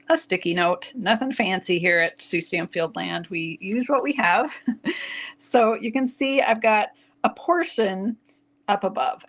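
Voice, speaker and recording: A woman's voice: medium pitch, slight background noise. Woman, craft channel host; casual tutorial, chatty and laughing, speaks straight to her viewers. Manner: chatty, giggly, talks to viewers.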